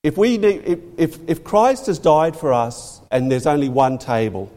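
A man's voice: fairly high pitch, moderate pace, mellow. A man preaching a sermon, emphatic, repeating phrases and leaning hard on key words. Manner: emphatic, rising and falling for stress, repeats phrases. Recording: long hall reverb.

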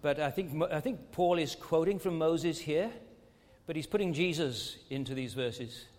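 Man, preacher, sermon, emphatic questioning delivery, high voice, echoing church hall. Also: moderate pace, a little mellow. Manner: emphatic, rising and falling with many rhetorical questions.

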